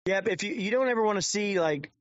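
A man with a slightly high voice rambles through profane live-stream commentary. The recording is dry and a bit dull, like a cheap mic in a dead room. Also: expressive, quick pace, dry recording. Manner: crude, rambling, swears constantly.

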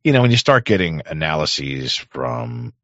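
A man hosting a talk show, rambling in crude, sarcastic casual commentary with a hoarse voice. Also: very deep voice, very animated, measured pace, fairly bright tone, dry recording, lo-fi sound. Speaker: podcast host.

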